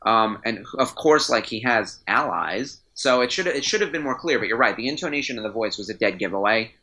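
A man chatting casually as a podcast guest, an animated, rambling fan who restarts his sentences. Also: medium pitch, brisk, low-quality recording. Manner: animated, rambling, self-interrupting storyteller; enthusiastic fanboy. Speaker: trading card company guest.

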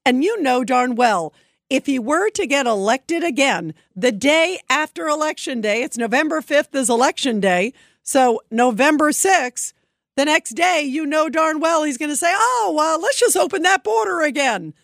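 Indignant high-voiced woman commentator. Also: lively intonation, normal speed, a bit bright, no echo, clean studio sound. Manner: indignant, emphatic, mocking quotes. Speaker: political commentator. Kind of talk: opinion commentary.

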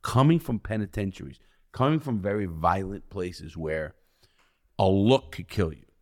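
With lively intonation and normal speed, this middle-aged U.S. ex-convict swears constantly while bluntly telling stories as a podcast guest. He swings from loud bursts to low, quiet asides.

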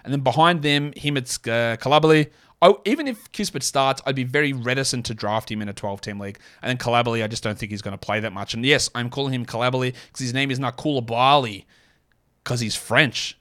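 A man hosting a solo podcast, talking in an opinionated way with quick asides and self-deprecating jokes. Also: medium pitch, fairly bright tone. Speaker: podcast host. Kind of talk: solo fantasy basketball podcast.

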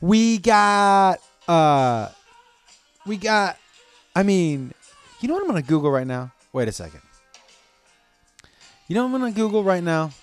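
A man riffing on his podcast in a loose, profane, rambling monologue. His voice sits fairly high and jumps around a lot. The sound is smooth, close and dry, with faint music underneath. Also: sing-song, measured pace, long pauses, dry recording. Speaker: podcast host. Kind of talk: casual comedic monologue.

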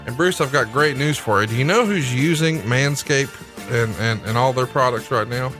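A male podcast co-host with a bright, forceful tone and a brash, joking delivery. He reads his sponsor copy like a wisecrack, with faint music under him. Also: mid-range voice, moderate pace. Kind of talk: casual podcast chat with a read ad.

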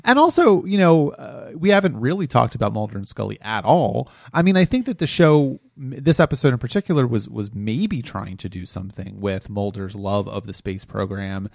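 A man's voice: medium pitch, expressive, moderate pace, vocal fry, few pauses, a little mellow, no echo, studio quality. A man co-hosting a podcast, talking through a critique in an exasperated, analytical way. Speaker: podcast co-host reviewing TV episodes. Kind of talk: casual critical chat.

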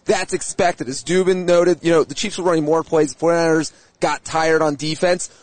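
A man co-hosting a sports podcast, an animated, self-mocking storyteller who argues his points. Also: fairly high pitch, fairly quick, no echo. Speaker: podcast co-host, sports writer. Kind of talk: casual sports podcast chat.

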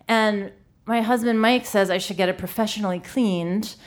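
A woman's voice: mid-range voice, fairly even intonation, normal speed. A woman in her thirties telling a funny personal story on stage, self-deprecating and full of "like". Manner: comic, self-deprecating, lots of "like". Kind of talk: live storytelling.

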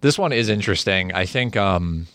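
Deep-voiced guy w a sharp edge, talking hoops trades, dry close mic. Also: expressive, normal speed, no room sound. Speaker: podcast co-host. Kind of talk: casual basketball trade talk.

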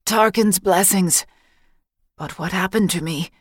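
A woman's voice: lowish voice, measured pace, no echo. A fretful young warrior, wounded and anxious, as a woman reads him in an audiobook. His voice comes out strained and worried in a dry, close recording. He sounds like he is fighting to keep his fear in check.

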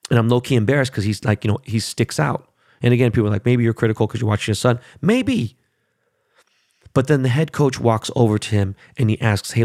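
A man's voice: medium pitch, gravelly, darkish tone, no echo, studio quality. A man in his thirties telling viewers a heated story about his son, swearing and repeating himself. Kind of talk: casual monologue to viewers.

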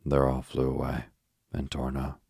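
A man voicing a blunt, scornful young boy who talks briskly and grumbles. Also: extremely low pitch, completely flat delivery, gravelly, a little mellow, slightly rough, no echo, studio quality, heavily acted.

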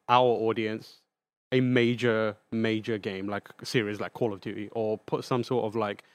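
A man at an ordinary speaking pitch talks as a guest on a games podcast, working through his ideas out loud with plenty of likes and self-corrections. His voice sits close and dry on the mic. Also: no echo. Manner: thinks aloud with many likes and restarts. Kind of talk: casual podcast chat.

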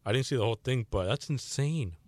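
A man's voice: mid-range voice, lively intonation, fast, a little mellow. A man on a sports radio show making casual, laid-back remarks. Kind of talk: casual sports talk chat.

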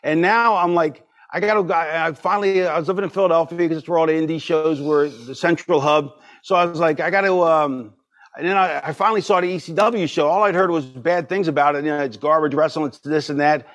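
A middle-aged man telling wrestling stories on a podcast, animated and acting out quoted voices. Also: fairly high pitch, fairly quick. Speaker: podcast guest. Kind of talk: casual storytelling.

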